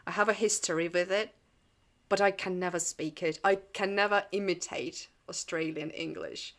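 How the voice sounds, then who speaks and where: A woman's voice: lowish voice, steady tone, moderate pace, fairly bright tone. A young woman hosting a casual livestream chat, rambling with jokey asides and frequent laughs. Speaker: channel host.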